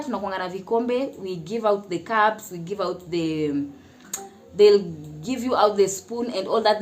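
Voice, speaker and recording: A woman's voice: mid-range voice, darkish tone, slight background noise. A Kenyan woman telling a personal story in a casual vlog, chatty, often laughing and mixing in Swahili phrases. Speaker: mother sharing her experience.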